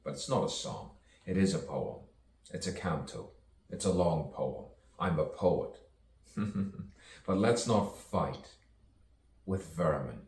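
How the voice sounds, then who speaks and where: A man's voice: rumbling low, animated, slow pace, pauses often, darkish tone, roomy sound, distant mic, a little hiss or hum. A man, a self-styled poet, delivering a rambling stream-of-consciousness monologue full of wordplay and rhymes, chuckling to himself as he goes.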